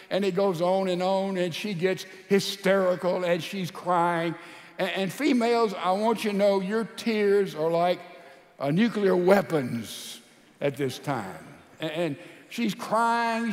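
A man preaching a sermon, telling a story as he goes, his voice swinging from loud to hushed. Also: high voice. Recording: long hall reverb.

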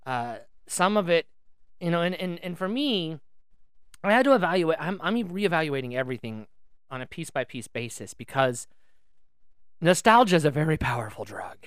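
A woman's voice: deep voice, sing-song, normal speed, smooth, no echo. A woman co-hosting a podcast in casual chat, rambling and restarting her sentences as she talks into a studio microphone. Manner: chatty and rambling, with many restarts. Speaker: podcast co-host.

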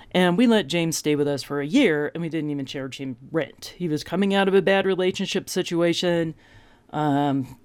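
A woman in her fifties telling comic stories about her family, animated and self-mocking, her voice jumping up for the punchlines. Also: fairly low pitch, clean tone, no echo. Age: 50s. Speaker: vlogger. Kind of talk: comic personal storytelling.

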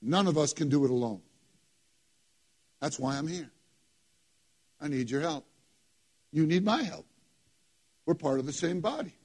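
A man delivers a sermon from the pulpit of a church. His voice sits high and carries a husky edge. He preaches emphatically, throwing short phrases out to the congregation and repeating them for effect. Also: animated, unhurried, long pauses, darkish tone. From New York. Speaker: pastor.

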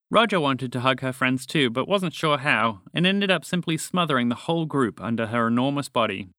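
A man narrating and hosting a children's storybook podcast, telling the story in a lively, animated way. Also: medium pitch, brisk, few pauses, dry recording, studio quality.

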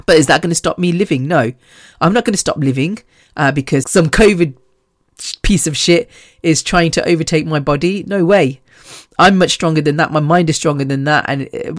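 A woman's voice: low voice, no echo, studio quality. A woman in her fifties hosting a podcast, talking in a rambling, chatty way, swearing freely and laughing between sentences. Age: 50s. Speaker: podcast host. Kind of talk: casual podcast monologue.

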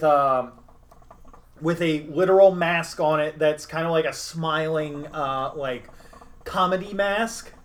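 A young man casually retelling a tabletop game session in a loose, rambling way, with many fillers and restarts. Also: fairly high pitch. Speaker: podcast host recapping a game session. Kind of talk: casual storytelling recap.

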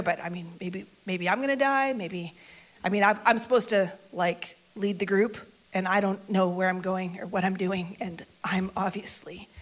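A woman preacher voicing a proud, impulsive adult man who talks to himself in a sermon retelling. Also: close to an everyday voice. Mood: doubting. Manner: swings from loud boasting to low muttering self-talk. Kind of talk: sermon storytelling.

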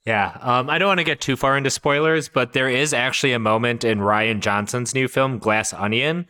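A man's voice: mid-range voice, moderate pace, sharp tone, clean tone. A man co-hosting a podcast, chatting casually and chuckling often as he wraps up the episode. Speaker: podcast co-host.

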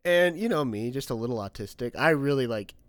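A man's voice: mid-range voice, animated, a little fast, smooth, dry recording, clean studio sound. A young man co-hosting a casual podcast, telling stories with lots of fillers and bursts of laughter. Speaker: podcast co-host. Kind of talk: casual chat, storytelling.

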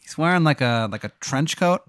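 A man's voice: a little high, expressive, a little fast, fairly bright tone, clean tone, no room sound, studio quality. Swearing man improvising a story. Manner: loose, swearing, many fillers. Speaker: game master of an improvised hypothetical.

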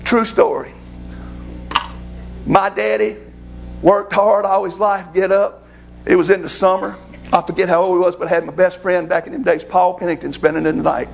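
A middle-aged man preaching a sermon, telling folksy, animated stories about growing up. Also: high voice, moderate pace, creaky, pauses often. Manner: folksy, animated storytelling with laughs. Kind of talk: storytelling sermon.

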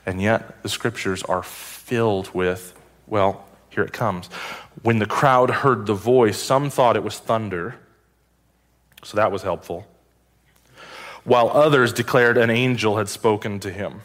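A male pastor delivers a sermon with a somewhat low voice. He reads scripture aloud, then breaks off into wry, conversational questions to the congregation. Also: moderate pace.

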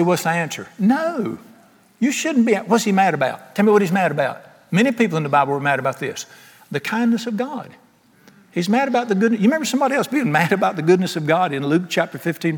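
A man preaching a sermon as pastor, animated and joking, with lots of rhetorical questions. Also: sits high. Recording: long hall reverb.

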